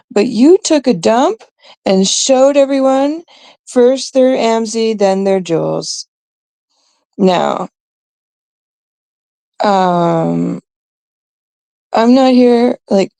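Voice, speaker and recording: A woman from Canada, hosting her own live stream, rants bluntly and with exasperation. Her voice is heavily gravelly and mellow, and her delivery is slow and drawn out, with many fillers and pauses. The sound is dry and close. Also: mid-range voice, no echo. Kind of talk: ranting live stream commentary.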